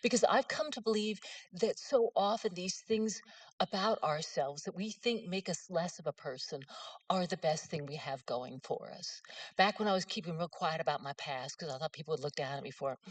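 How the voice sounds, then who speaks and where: A woman's voice: low-pitched, animated, brisk, no echo, far from the mic. A middle-aged woman, telling humorous, self-mocking stories in an author's talk. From West Virginia. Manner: folksy, self-mocking storyteller.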